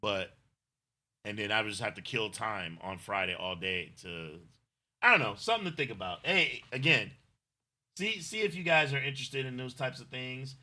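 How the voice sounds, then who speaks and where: A middle-aged man co-hosting a livestream in loose, rambling chat. His voice is very bright and forward. He gushes openly when he thanks viewers. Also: medium pitch, animated, moderate pace. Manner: effusive, rambling, emotional thanks. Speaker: livestream co-host.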